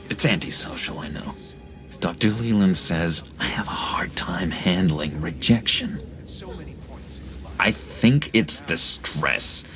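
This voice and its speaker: Clingy unstable ex-inmate, slow drawl, wild pitch swings, game voice. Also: male voice, exaggerated voice. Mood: apologetic. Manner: erratic, whispery, swings from pleading to threatening. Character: unstable, clingy man, ex-asylum inmate with sudden menace. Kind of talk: video game voice acting.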